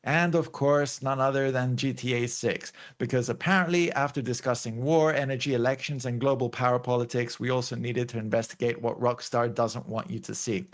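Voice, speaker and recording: Man, host, casual reaction commentary, rambling, mid-pitched voice. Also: steady tone, fairly quick, hardly any pauses. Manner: rambling, lots of likes and restarts.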